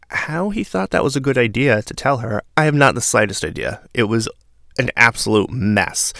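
A man's voice: medium pitch, vocal fry, a bit bright, no echo, clean studio sound. A man giving a casual, sarcastic recap of a reality TV episode, with exasperated commentary.

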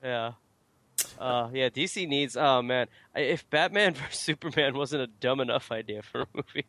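A man's voice: medium pitch, moderate pace, sharp tone, no room sound. A man co-hosting a casual gaming podcast, joking and cursing with his co-hosts. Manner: joking, profane, puts on mock accents. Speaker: podcast co-host.

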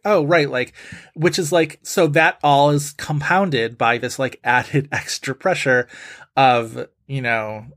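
A man's voice: medium pitch, a bit bright. A young man co-hosting a casual film podcast, talking in a rambling way with lots of fillers. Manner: chatty, rambling with many fillers. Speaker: podcast co-host.

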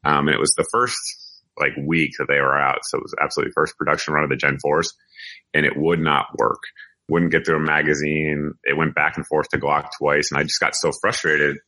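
A man with a very low, deep voice that still sounds forceful and bright. He talks casually as a guest on an interview podcast, circling back and correcting himself as he goes. He is middle-aged and from the United States. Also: level tone, brisk. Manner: rambling, self-correcting storyteller. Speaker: podcast guest, firearms video reviewer.

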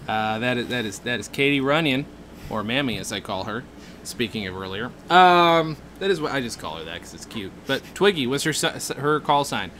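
A man's voice: mid-range voice, animated, brisk, pushed and bright, a little hiss or hum. A man co-hosting a comedy podcast in casual chat, rambling and joking with frequent laughs. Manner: rambling, jokey, laughs often. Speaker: podcast co-host.

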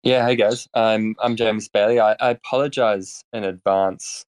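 A man's voice: fairly low pitch, steady tone, a little slow, smooth. Mumbling man with a New Zealand accent. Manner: mumbling, self-deprecating, hesitant. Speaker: guest, company executive. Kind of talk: casual chat.

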